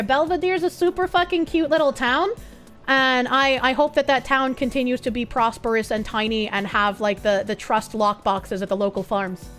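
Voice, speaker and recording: A young woman with a Boston accent, chatting casually on a live stream, profane and excitable with bursts of yelling. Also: fairly high pitch, moderate pace, faint music behind. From Boston, USA. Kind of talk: casual live-stream chat reading comments.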